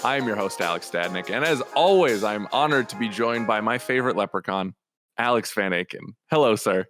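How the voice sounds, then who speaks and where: A man's voice: fairly low pitch, lively intonation, fairly quick, a bit bright, faint music behind. A man hosting a casual podcast, upbeat and jokey, with announcer-style intros. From Minnesota. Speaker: podcast host.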